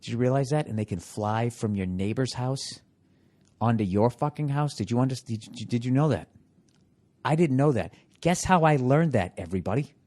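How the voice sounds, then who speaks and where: Male podcast host, solo comedic rant, heavy swearing, jumps from loud outbursts to muttered asides. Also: moderate pace. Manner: animated, profanity-laced ranting that swings between loud outbursts and low muttering; rhetorical questions to listeners.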